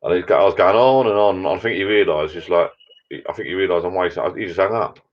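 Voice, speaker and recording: A livestream host with a deep voice talks fast in a casual live chat packed with cheeky banter and mild swearing. The sound is dull and lo-fi.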